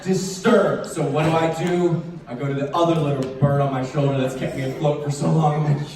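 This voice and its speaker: A man's voice: fairly high pitch, fairly even intonation, fairly quick, a little mellow, a little hiss or hum. A man telling a self-mocking comic story on stage, acting out the sounds as he goes. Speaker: convention panel performer. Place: large convention hall. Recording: echoey hall, distant mic, audience. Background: audience laughter and murmurs.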